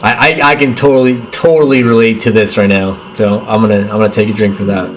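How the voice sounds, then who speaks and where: A man's voice: on the low side, steady tone, quick pace, slight background noise. A young man hosting a casual movie watchalong stream, stammering and repeating his words and saying "dude" a lot. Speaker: livestream host.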